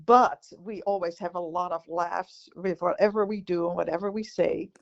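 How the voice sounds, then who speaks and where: A woman's voice: fairly low pitch, steady tone, moderate pace, vocal fry, highs cut off. A Dutch-accented woman in her sixties, co-hosting a podcast in a joking, teasing way and often laughing. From Netherlands. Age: 60s. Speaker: podcast co-host. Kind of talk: casual chat.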